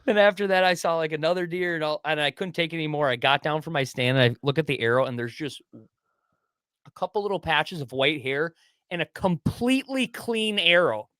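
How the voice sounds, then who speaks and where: A man's voice: a little high, brisk, clean tone, no room sound. A young man co-hosting a podcast, telling a hunting story in casual chat, acting out his own thoughts, whispering some and swearing now and then. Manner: animated, swears, acts out his own inner voice. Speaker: podcast co-host.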